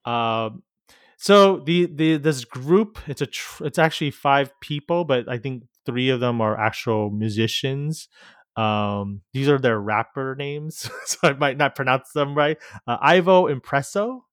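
A man co-hosting a podcast chats casually, wandering through his points and laughing easily while he explains. His mid-range voice is smooth and unhurried, in a dry, studio-quality recording.

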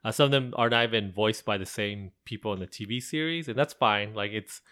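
A man's voice: on the low side, fairly quick, bright, forceful tone. A man co-hosting a podcast in casual chat, thinking aloud in loose, meandering run-on sentences. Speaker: podcast co-host.

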